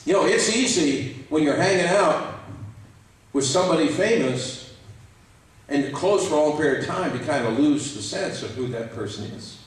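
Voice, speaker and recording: A man preaching a sermon as pastor, animated and acting out quoted voices. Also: a little high, normal speed. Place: church sanctuary. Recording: echoey church hall, mic at a distance.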